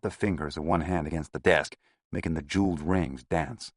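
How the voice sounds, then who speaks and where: A man reading an audiobook in a steady, descriptive first-person narration. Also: a bass voice, a little fast, breathy edge, no room sound, studio quality.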